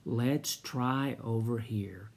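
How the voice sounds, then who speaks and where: A man's voice: mid-range voice, vocal fry, a little mellow, exaggerated voice. A man doing a kind, soothing policeman. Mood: reassuring. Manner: slow, soothing, reassuring. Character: kind gentle adult male policeman.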